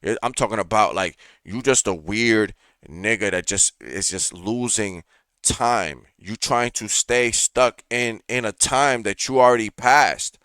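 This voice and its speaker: A man's voice: on the low side, measured pace, clear, resonant tone, no room sound. A man hosting a reaction show, ranting in casual, profane commentary with lots of fillers, recorded close on a studio mic. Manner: profane, animated rant with frequent fillers.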